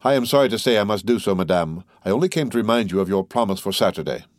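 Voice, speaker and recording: A suave count, courteous and quietly commanding, his speech smooth and measured, as a male reader plays him. The voice sits low and sounds dry and close. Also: expressive, dry recording, natural voice. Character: urbane, composed middle-aged count, quietly commanding.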